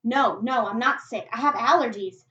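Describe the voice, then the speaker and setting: A woman's voice: on the high side, steady tone, close to an everyday voice. A woman reading aloud, voicing a frightened teenage boy who pleads at gunpoint in a put-on drawl. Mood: alarmed. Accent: put-on regional drawl. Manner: nervous, pleading, quick denials. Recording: echoey, distant, muffled home recording.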